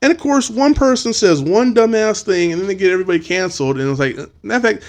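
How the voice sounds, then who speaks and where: A man hosting a podcast, chatting casually and telling lively stories. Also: high-pitched, fast talker. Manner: animated storytelling, acting out quotes, swearing freely. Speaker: podcast host.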